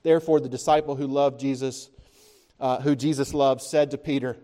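A man preaching a sermon, retelling scripture as a story, asking his listeners questions and lifting his voice when he speaks the disciples' lines. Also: moderate pace. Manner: animated storytelling, voices the disciples' words with rising pitch; conversational, asks the listeners questions.

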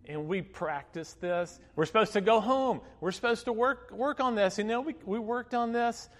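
A man's voice: sits high, moderate pace, fairly bright tone. A man in his fifties, a pastor preaching a sermon, telling a personal story in a chatty way with many fillers and laughing asides. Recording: long hall reverb.

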